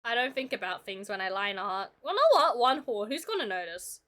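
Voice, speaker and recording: While drawing on a casual livestream, a young woman illustrator talks playfully with her chat. Her medium-pitched voice is expressive and fairly bright, and she speaks fairly quickly and chattily.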